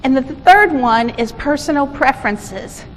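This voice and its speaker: A woman's voice: high-pitched, lively intonation, moderate pace. A woman giving a conference talk, telling a story in an informal, self-correcting way, recorded in a conference hall. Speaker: conference presenter. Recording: echoey hall with faint noise.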